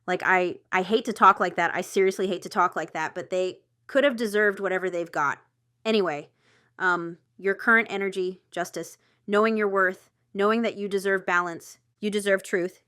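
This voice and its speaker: A woman giving a casual tarot reading, chatty and excitable, thinking aloud with lots of fillers. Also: mid-range voice, fairly quick, clean tone, dry recording, studio quality. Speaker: tarot reader.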